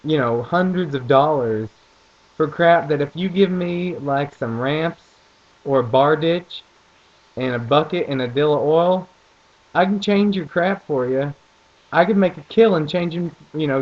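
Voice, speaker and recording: A young man with a mild Southern accent, chatting casually and jokingly in a vlog, in a dull lo-fi recording. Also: medium pitch. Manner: rambling, joking, a bit crude.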